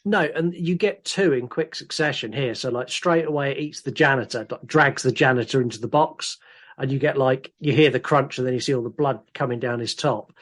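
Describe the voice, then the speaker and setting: A man co-hosting a podcast, recapping a horror film in a casual, animated way with swearing and laughter. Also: mid-range voice, fairly quick. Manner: animated, recounts the plot with sweary asides and laughs. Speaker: podcast co-host. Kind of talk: casual film review chat.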